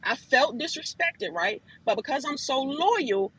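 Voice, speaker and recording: A woman hosting a live audio chat room, telling her side of a dispute in an animated, emphatic way and often calling her listeners y'all. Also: high voice, unhurried, poor audio.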